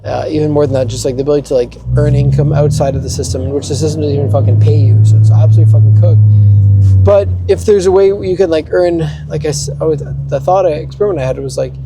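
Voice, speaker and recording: A man's voice: fairly high pitch, fast talker, vocal fry. A young man in a rambling, profane rant, often restarting. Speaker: vlogger. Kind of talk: ranting monologue.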